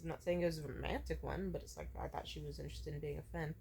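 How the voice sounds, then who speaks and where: A woman's voice: sits low, fast, slightly rough. Profane young woman ranting. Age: 20s. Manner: emotional, profane, ranting storyteller. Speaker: vlogger. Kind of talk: casual vlog rant.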